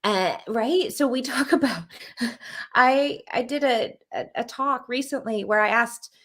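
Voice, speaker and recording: Animated self-deprecating woman. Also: a little high, unhurried. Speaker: guest author and communication coach. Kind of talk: casual chat.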